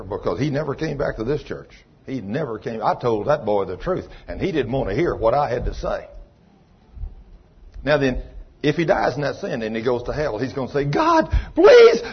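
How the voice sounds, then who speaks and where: A man preaching a sermon as pastor, telling a story and acting out the dialogue, swinging between loud and soft. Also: mid-range voice, slightly rough, highs cut off.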